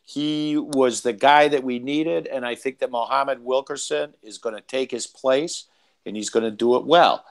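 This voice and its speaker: Male podcast co-host, mid pitch, halting and stumbling sports talk. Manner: halting starts, repeats words. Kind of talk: casual sports debate.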